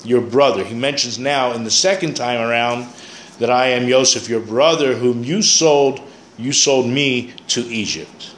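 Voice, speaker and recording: A man's voice: medium pitch, measured pace, a little hiss or hum. A man teaching a Bible class, explaining Hebrew words and thinking aloud as he goes. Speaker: Torah teacher. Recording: echoey room, faint ambience.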